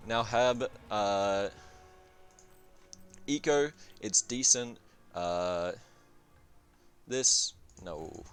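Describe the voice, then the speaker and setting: With a lowish, clean-toned voice, a man casually reviews a strategy game. He rambles and swears while thinking aloud, filling his speech with lots of fillers.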